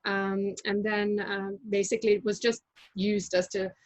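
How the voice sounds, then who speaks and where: Woman, mid pitch, chatty tasting host, lots of ums, relaxed explaining. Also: moderate pace, rough recording. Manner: chatty, many fillers and self-corrections. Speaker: winery representative leading a tasting. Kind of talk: casual presentation on a video call.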